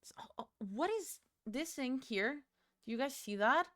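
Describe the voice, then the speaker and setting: A young Portuguese woman does her makeup on stream, chatting casually and swearing freely in a Portuguese accent. Her voice sits high and sounds bright and forceful, moving at a normal speed with plenty of expression. She rambles along, breaking into playful outbursts.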